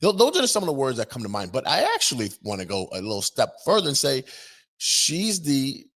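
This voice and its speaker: A man's voice: mid-range voice, sing-song, a little fast, a bit bright. A man hosting a sarcastic opinion commentary video, talking in a mocking tone. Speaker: commentary channel host.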